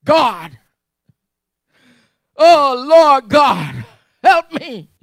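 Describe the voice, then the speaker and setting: A man acting out a desperate worshipper who shouts and begs God for help. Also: big pitch swings, drawn-out words, vocal fry, no room sound, clean studio sound, full character voice. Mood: desperate pleading. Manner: shouted, pleading, pitch climbing high.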